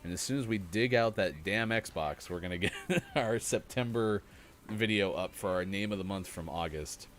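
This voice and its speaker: Male co-host, very low voice, laid-back wry banter, slight hiss behind. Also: moderate pace. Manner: relaxed, wry and chuckling, trails off. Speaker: morning show co-host. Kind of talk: casual morning show banter.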